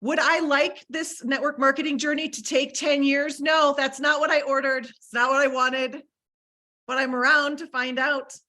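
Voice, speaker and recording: Bright-voiced, emphatic motivational speaker woman. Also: high-pitched, flat delivery, normal speed. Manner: emphatic, repeats key phrases. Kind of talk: motivational talk.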